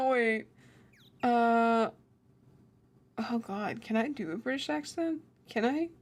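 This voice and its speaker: Giggly woman streamer, high voice. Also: slow pace. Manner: giggly, self-deprecating. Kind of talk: let's play commentary.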